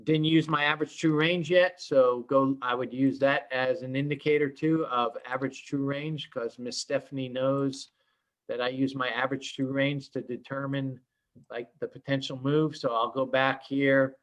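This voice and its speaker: A trading instructor schooled in Oklahoma teaches a live trading room lesson, sounding like he's at his desk mic while sharing his screen. His everyday mid-pitched voice is fairly even in intonation and moderate in pace. He's casual, warm, and rambling, full of fillers and self-corrections.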